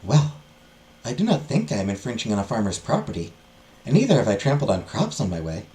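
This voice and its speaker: A man's voice: lowish voice, huge pitch swings, a little fast, warm tone, voice pushed down, poor audio. A man voicing an anxious, proud young noblewoman who frets and worries. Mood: wary. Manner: fretful, worried.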